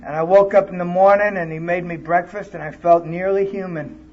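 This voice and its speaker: Guy with a high voice telling his sobriety story, swears a lot, muffled old tape. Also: steady tone, fairly quick. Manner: blunt, profane storytelling. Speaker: conference speaker. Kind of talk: recovery talk, personal story. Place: conference hall.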